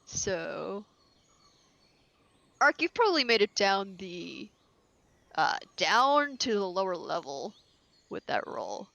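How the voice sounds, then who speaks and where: A woman's voice: mid-range voice, sing-song, takes it slowly, vocal fry, long pauses, a bit bright, no echo. A woman narrating as game master of a tabletop role-play, rambling with many fillers and easy laughs.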